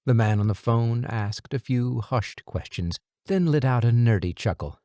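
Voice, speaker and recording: A man narrating an audiobook in a lively, expressive storytelling manner on a close studio mic. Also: medium pitch, normal speed, few pauses, no room sound. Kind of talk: scripted narration.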